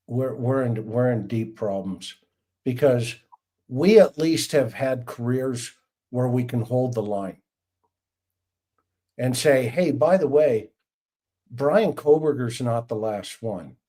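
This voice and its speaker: A man's voice: mid-range voice, warm tone. A middle-aged man hosting a livestream panel chat, telling stories with enthusiasm and emphasis over a video call. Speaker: host.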